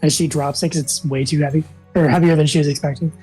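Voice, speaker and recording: Low husky woman role-playing. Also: fairly even intonation, fast talker, warm tone, soft background music, low-quality recording. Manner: describes her character's actions, with small laughs. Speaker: player. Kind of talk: tabletop role-play.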